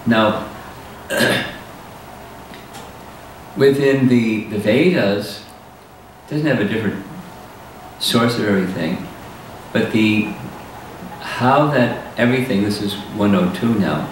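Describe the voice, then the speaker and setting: In this scripture lecture, a man whose voice sits somewhat low speaks with slow deliberation and frequent pauses between phrases. The spiritual teacher is far from the microphone, and the hall echoes strongly over a faint hiss.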